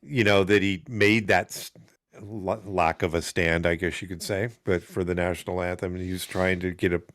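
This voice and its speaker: A man co-hosting a podcast in casual chat, hesitant with fillers and quick to laugh. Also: low-pitched, steady tone, a bit bright, no echo, clean studio sound. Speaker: podcast co-host.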